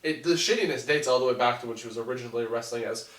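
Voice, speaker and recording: A man's voice: mid-range voice, rapid-fire, fairly bright tone. A man co-hosting a podcast, chiming in casually with dry, joking asides. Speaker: podcast co-host. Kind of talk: casual wrestling chat. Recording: roomy, distant mic.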